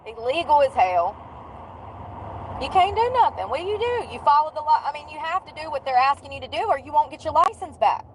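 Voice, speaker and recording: A woman's voice: sits high, big pitch swings, brisk, a little hiss or hum, poor audio. Slangy woman rambling from her car. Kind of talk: casual storytelling while driving.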